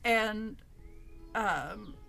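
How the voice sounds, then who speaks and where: A woman's voice: medium pitch, drawn-out words, gravelly, pushed and bright, soft background music. A woman streamer casually telling a personal story, laughing often and swearing freely.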